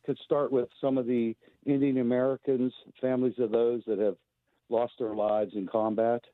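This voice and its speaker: A man's voice: medium pitch, little pitch movement, normal speed, no echo. Man calling in over a tinny phone line. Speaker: caller. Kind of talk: call-in to a radio show.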